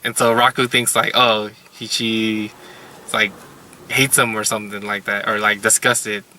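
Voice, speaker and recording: A man's voice: lowish voice, little pitch movement, a little slow, sharp tone, a little hiss or hum. A man casually recapping anime episodes as a reviewer, rambling with lots of filler words. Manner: rambling, heavy use of "like" and "you know".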